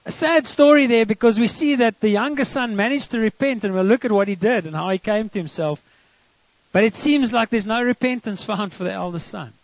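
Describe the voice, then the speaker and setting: A man's voice: sits high, vocal fry, no room sound. A man preaching a sermon, retelling a story and acting out the quoted lines in dramatic voices. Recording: dry, dull lo-fi sound.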